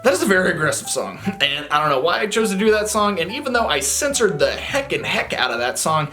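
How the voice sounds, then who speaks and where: Speaking fast in a high-pitched voice, a touring band's singer and guitarist tells an animated story to camera. His talk is casual and slangy, and he keeps laughing as he goes.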